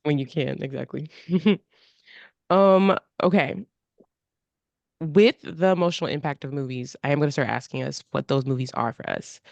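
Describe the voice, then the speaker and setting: A woman's voice: sits low, normal speed, creaky, a little mellow, no echo, lo-fi sound. Chatty woman podcast host, dry sound. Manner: chatty, many fillers, laughs often. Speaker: podcast co-host asking questions. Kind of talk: casual podcast chat.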